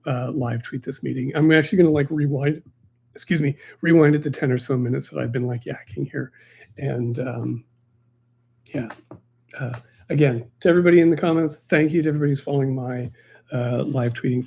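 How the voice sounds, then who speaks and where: A man's voice: a little high, creaky, warm tone, slightly rough. A man who hosts a local politics podcast, chatting casually and jokingly on a livestream with many fillers and restarts. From Canada.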